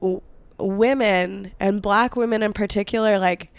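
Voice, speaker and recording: A woman co-hosting a podcast, telling history in casual chat, with a hoarse, fading voice and lots of "like" fillers. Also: medium pitch, steady tone, unhurried, dry recording. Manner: chatty, many "like" fillers, indignant asides. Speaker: podcast co-host.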